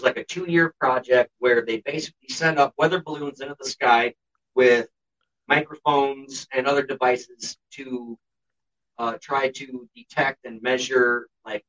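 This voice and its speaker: Heard from a distance through dull, lo-fi sound, a man with a mid-range, somewhat bright voice co-hosts a podcast. During casual chat he tells a story in a blunt, sarcastic manner, swearing constantly.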